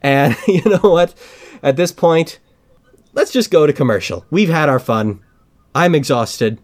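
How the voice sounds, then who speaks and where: A man's voice: a little high, measured pace. Man, podcast host; casual chat, passionate ranting delivery with jokes. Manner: animated, ranting and joking.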